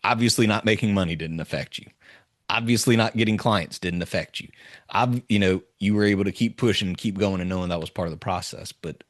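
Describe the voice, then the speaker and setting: A man who is a leadership coach, telling a personal story in a podcast interview in an earnest, halting way, often quoting others. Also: on the low side, no room sound, studio quality, far from the mic. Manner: earnest, halting retelling with quoted dialogue. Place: remote video call.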